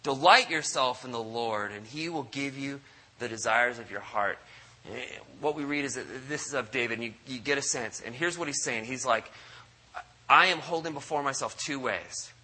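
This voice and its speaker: A man preaching a sermon at a church service, animated and acting out quoted voices. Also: normal speed, poor audio. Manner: animated, acts out quoted voices with big pitch jumps. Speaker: pastor.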